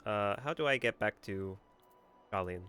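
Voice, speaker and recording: Sarcastic young game streamer. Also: male voice, lowish voice, normal speed, bright, forceful tone. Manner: chatty, sarcastic, swears. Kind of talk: casual gaming commentary. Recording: faint music behind.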